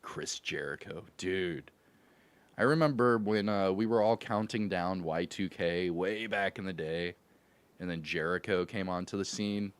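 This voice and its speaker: A low, smooth voice, a little slow, belongs to a man hosting a gaming livestream from Louisville, Kentucky. He laughs often, greets his chat with upbeat slang, and chats casually with his viewers.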